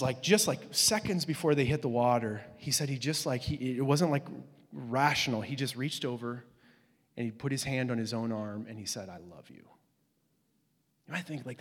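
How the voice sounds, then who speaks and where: A man preaching a sermon in a loose, conversational way with many fillers, sometimes dropping to a soft hush. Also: medium pitch. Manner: drops to a soft hush on emotional lines. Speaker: pastor. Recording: long hall reverb.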